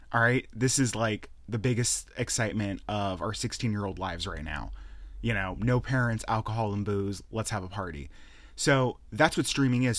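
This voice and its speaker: A young man with a low voice rants through his own gaming podcast, cursing freely and acting out little scenes as he goes. The recording is dry and close, with no room sound. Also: no room sound. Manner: profane, ranting, animated storytelling. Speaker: podcast host. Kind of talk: casual solo rant.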